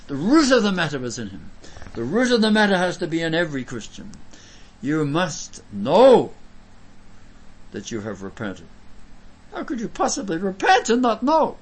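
A male preacher delivers a sermon with a husky, slightly breathy voice. He sits fairly high for a man and his pitch leaps and falls widely as he swings between loud emphasis and near-hushed phrases. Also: wildly swooping pitch, normal speed, low-quality recording.

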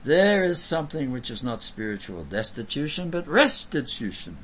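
A male preacher giving an emphatic sermon, swinging from loud bursts to soft, low lines. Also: big pitch swings, normal speed, slight background noise, poor audio.

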